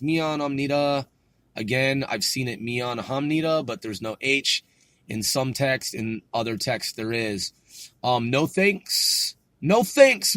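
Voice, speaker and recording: A man's voice: medium pitch, a bit bright, no room sound. A man hosting a casual solo study podcast, rambling and doubting himself as he sounds out words, swearing now and then. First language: English. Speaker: podcast host learning Korean.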